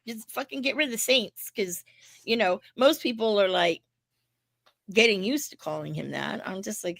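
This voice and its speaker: A woman's voice: medium pitch, normal speed, gravelly, dry recording. Profane, blunt woman chatting casually. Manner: blunt, profane, animated asides. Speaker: podcast co-host. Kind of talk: casual wrestling chat.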